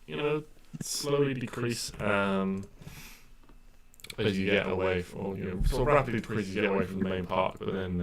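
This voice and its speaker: Man, very low voice, game master, rambling narration, filler-heavy.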